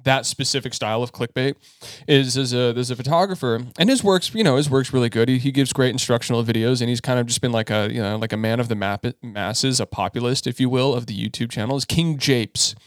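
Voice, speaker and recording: A man's voice: medium pitch, a little fast, no echo, studio quality. Rambling man co-hosting a podcast. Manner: rambling, with many fillers and restarts, swears. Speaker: podcast co-host. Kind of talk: casual podcast chat.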